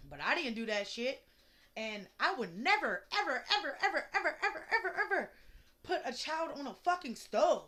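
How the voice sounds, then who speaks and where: A woman's voice: a little high, bright, forceful tone. A young woman, ranting angrily and bluntly in an unedited vlog, swearing freely. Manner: angry, profane, blunt. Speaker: mother venting on video. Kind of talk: emotional unedited vlog rant.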